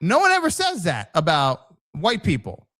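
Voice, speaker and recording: A man's voice: on the high side, wildly swooping pitch, normal speed, sharp tone. A man hosting a podcast in casual conversation, telling stories with animation and acting out the voices of people he quotes. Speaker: podcast host, former police officer.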